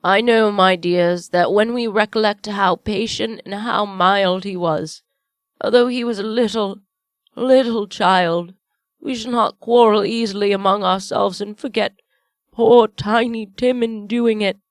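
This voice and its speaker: A woman's voice: medium pitch, fairly even intonation, unhurried, no room sound, clean studio sound, voice pushed up, close to an everyday voice. A woman reading aloud, voicing a humble, kindly father who speaks earnestly and tenderly to his family. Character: kindly humble father, gentle and warm-hearted.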